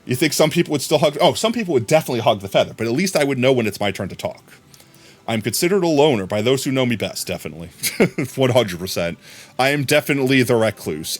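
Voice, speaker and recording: A man streaming live, chatting casually in a rambling way that keeps restarting his sentences. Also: mid-range voice. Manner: rambling, self-interrupting talk. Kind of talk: casual chat.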